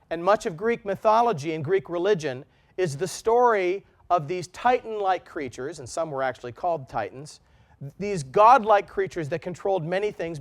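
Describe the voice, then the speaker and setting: A middle-aged man delivers a history lesson with a slightly raised pitch. He speaks in an earnest, measured way and leans on repeated phrases for emphasis. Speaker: teacher.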